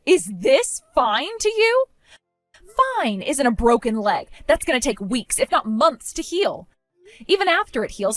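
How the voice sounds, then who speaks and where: A woman narrating her own dramatic story, speaking in a cold, indignant and forceful way. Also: fairly high pitch, no room sound. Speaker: narrator of a first-person story.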